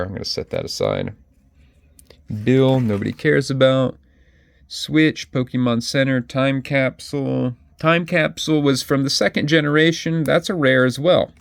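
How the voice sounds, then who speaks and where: A collector vlogger with a mid-range, vocal-fry voice talks casually to his viewers while flipping through his card collection, often correcting himself mid-sentence. The recording has no echo.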